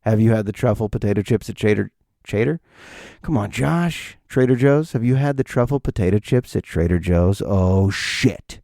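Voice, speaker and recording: A man's voice: fairly low pitch, expressive, moderate pace, creaky, warm tone, dry recording, studio quality. A man hosting his own podcast, rambling jokily through a solo monologue and talking to himself. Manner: rambling, jokey, talks to himself. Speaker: podcast host.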